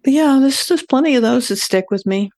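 A woman's voice: high-pitched, animated, fairly quick, a little mellow, no room sound, studio quality. An older woman speaking candidly as an interview guest, telling stories in a conversational way. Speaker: guest, former death investigator. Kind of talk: interview storytelling.

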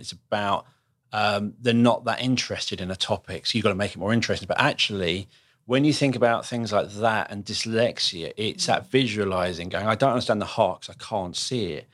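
A man's voice: fairly low pitch, fairly bright tone. A man hosting a podcast, reflecting aloud in conversation and often restarting his sentences. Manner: thinks aloud with quick restarts and rephrasing. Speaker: podcast host.

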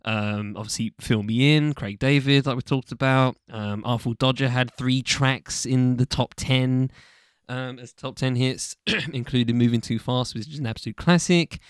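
A man's voice: mid-range voice, fairly even intonation, moderate pace, clean tone, dry recording, studio quality. A young man from the UK hosting a casual solo podcast, rambling loosely with lots of ums and casual swearing. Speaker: podcast host.

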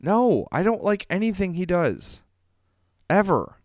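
A man's voice: high-pitched, big pitch swings, measured pace, darkish tone, dry recording, studio quality. A man co-hosting a sports podcast, chatting casually and rambling through stories with easy laughs. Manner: chatty, rambling storyteller who laughs easily. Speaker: podcast co-host.

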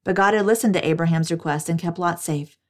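A woman narrates scripture in a steady, measured reading. Her voice sits lowish and even.

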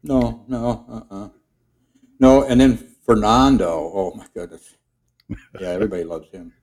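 A man chatting casually on a podcast in a rambling, halting way as he introduces his character voices. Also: on the low side, a little mellow, poor audio. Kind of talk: casual chat.

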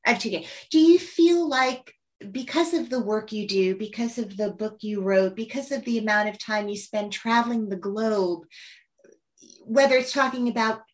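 A woman's voice: a little high, moderate pace. A woman hosting an interview, asking eager questions and reacting with enthusiasm. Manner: enthusiastic, warm questioning with laughs. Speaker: interviewer host. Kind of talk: conversational interview.

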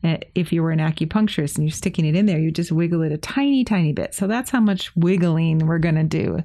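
Woman on a podcast, mellow voice, calm explainer, dry close sound. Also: low-pitched, fast talker, no echo. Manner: gentle, explanatory, laughs easily. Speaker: acupressure practitioner, co-host. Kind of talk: casual podcast chat.

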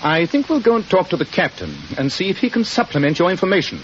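A shrewd, unflappable detective in an old radio play, with a fairly high, lively voice that rises and falls as he lays out his reasoning. His talk is crisp and dryly ironic. The broadcast sounds muffled and carries a faint hiss. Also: quick pace. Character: shrewd, cool-headed male detective. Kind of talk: 1940s radio acting.

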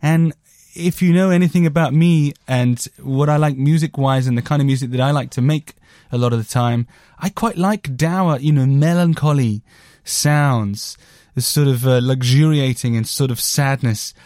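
A podcast host chats casually about a record, rambling and joking with crude asides. His medium-pitched voice is a little mellow and moves at normal speed, recorded with studio quality and no room sound.

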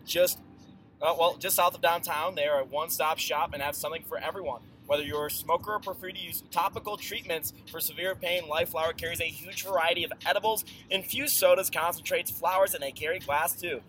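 A man casually reading a sponsor ad from inside a moving car. His voice is bright and forceful, and faint road noise runs underneath. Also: on the high side, steady tone, fairly quick. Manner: loose, offhand. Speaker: podcast co-host reading an ad. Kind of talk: casual ad read.

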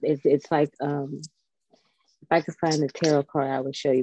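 A woman in a casual spiritual chat, telling stories in a chatty, animated, digressive way. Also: low voice, normal speed, muffled recording, slight background noise. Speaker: spiritual guest.

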